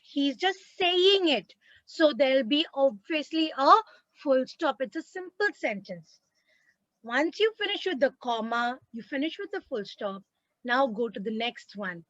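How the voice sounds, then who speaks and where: A woman with an Indian English accent teaches grammar in an emphatic, repetitive way and keeps checking that her students follow. Her voice is high and bright. The recording is dry and a little muffled. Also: dry recording. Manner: emphatic, repeats and checks with "Clear?". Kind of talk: classroom grammar lesson.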